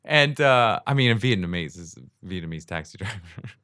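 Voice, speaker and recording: A man's voice: deep voice, lively intonation, fairly quick, bright, forceful tone, no echo, clean studio sound. A man hosting his own show, telling a story in a loose, casual way and often laughing as he acts out the people in it. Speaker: podcast host.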